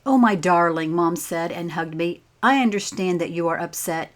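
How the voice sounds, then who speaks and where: A woman reading a children's picture book aloud as a teacher, pausing to ask the listeners simple questions. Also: on the low side. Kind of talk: slow read-aloud storytime with questions.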